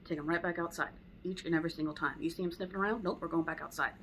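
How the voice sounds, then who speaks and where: A woman's voice: low-pitched, steady tone, rapid-fire, fairly bright tone, a little hiss or hum, rough recording. A woman teaching dog training in a casual, conversational way at home. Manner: conversational, acts out dog and owner voices. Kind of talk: casual spoken lesson.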